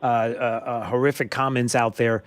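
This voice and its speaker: A man's voice: medium pitch, level tone, normal speed, no echo. A man hosting a political talk radio show, emphatic and full of "uh" fillers and restarts.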